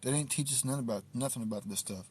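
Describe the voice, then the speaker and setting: A man's voice: medium pitch, quick pace, a little mellow, a little hiss or hum. A man hosting a casual livestream outdoors at night in the cold, talking on a phone in a laid-back, reflective way. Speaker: livestream host.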